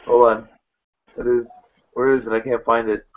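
A man's voice: mid-range voice, level tone, normal speed. A man hosting a casual live video hangout, joking and laughing often as he rambles. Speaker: host of a motovlogger live hangout. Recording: dull lo-fi sound with faint noise.

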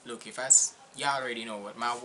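A man with a non-native English accent hosting a casual reaction video, chatty and excitable, laughing often. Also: mid-range voice, fast talker, slight background noise.

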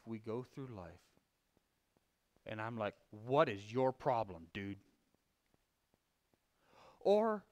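A lay preacher with a mid-range voice gives a conversational sermon, telling a folksy story. He restarts often and swings between loud emphasis and quiet confession.

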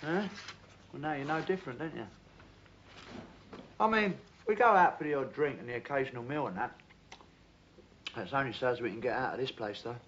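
A man's voice: mid-range voice, lively intonation, fairly quick, pauses often, fairly bright tone, lightly acted. A man playing a cocky Geordie builder. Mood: steady, kindly. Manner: joking, matey, calls people love and son. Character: cocky young male builder abroad, jokey but decent. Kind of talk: 1980s TV comedy-drama. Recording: dull lo-fi TV audio, faint hiss.

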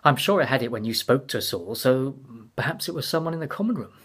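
Flustered, defensive woman, hesitant, husky edge , as a male reader puts her on. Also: mid-range voice, animated, fast talker, fairly bright tone, voice pushed up. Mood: prickly. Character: flustered anxious woman teacher, Penny.

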